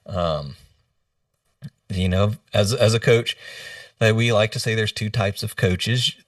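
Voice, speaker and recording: A man who is a leadership coach, telling a personal story in a podcast interview in an earnest, halting way, often quoting others. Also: on the low side, no room sound, clean studio sound, distant mic. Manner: earnest, halting retelling with quoted dialogue. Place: remote video call.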